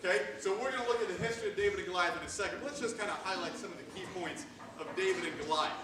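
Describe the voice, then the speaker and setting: A man's voice: high voice, racing, a crowd in the background. A man hosting a youth ministry sound effect skit, talking in a playful, teasing, sarcastic way to a live audience. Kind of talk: live comedic audience game. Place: large hall with live audience. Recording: echoey hall from far off, audience noise.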